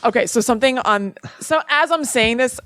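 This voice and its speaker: A woman co-hosting a podcast, her voice sitting a touch high, chatting casually in a close, dry sound. She rambles, laughs often and slips into little acted quotes as she tells the story. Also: normal speed, fairly bright tone, dry recording. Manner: giggly, rambling, acts out quotes. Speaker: podcast co-host. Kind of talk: casual chat.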